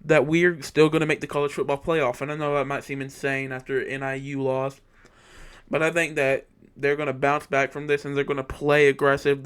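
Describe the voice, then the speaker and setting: Young guy ranting about his football team, kinda high smooth voice, dry close mic. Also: a bit bright, no echo. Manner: heated, repetitive, opinionated fan. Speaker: sports commentator. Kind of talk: casual sports opinion monologue.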